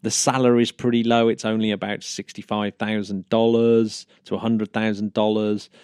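A man's voice: fairly low pitch, flat delivery, normal speed, a little mellow, smooth, no echo, studio quality. A man co-hosting a casual news chat, chatty, laughing often and restarting sentences. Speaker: podcast co-host.

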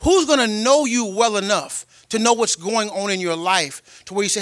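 A man preaching a sermon as a pastor, telling personal stories in a colloquial way, with delivery that swings from loud and emphatic to quiet and tender. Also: sits high, normal speed, no room sound, clean studio sound. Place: church.

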